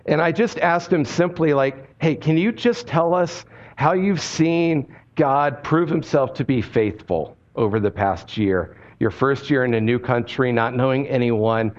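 A man's voice: medium pitch, a little slow, few pauses, dull audio. A man preaching a sermon in a conversational, earnest way, repeating key points for emphasis. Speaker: pastor.

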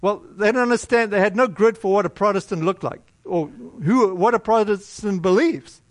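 A middle-aged American man preaching a sermon, telling a personal story in a conversational, animated way with many restarts. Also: sits high, moderate pace, no echo.

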